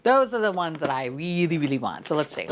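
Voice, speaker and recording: A woman's voice: low voice, sing-song, fairly quick. A young woman chatting casually as she unboxes collectible toys, gushing, swearing freely and breaking into delighted squeals. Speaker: unboxing vlogger.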